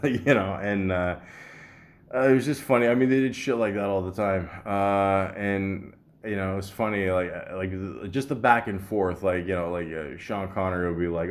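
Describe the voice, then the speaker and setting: Man from Canada, podcast host, rambling, laughs a lot, slightly low pitch. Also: normal speed, darkish tone. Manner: rambling, laughing often, heavy on fillers. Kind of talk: casual chat.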